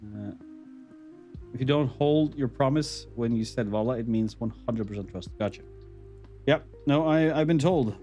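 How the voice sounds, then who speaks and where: Norwegian guy streaming, rambly chatty, kinda ranty, chuckles a lot, quiet music in the back. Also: medium pitch, moderate pace, muffled recording. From Norway. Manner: rambling, chuckling, mildly ranting. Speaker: livestreamer. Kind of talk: casual chat with viewers.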